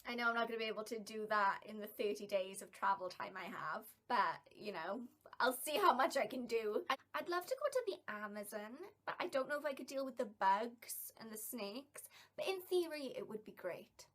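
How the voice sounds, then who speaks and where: A woman's voice: a little high, animated, fairly quick. A young woman from South Wales with a Welsh accent, chatting and rambling casually in a vlog tag video. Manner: chatty and rambling, with bright bursts of emphasis. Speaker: vlogger.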